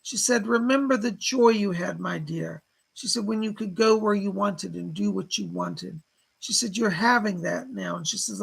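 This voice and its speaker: A man with a husky voice giving live psychic readings, passing on spirit messages as quotes and thanking donors by name. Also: sits high, poor audio. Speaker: psychic medium.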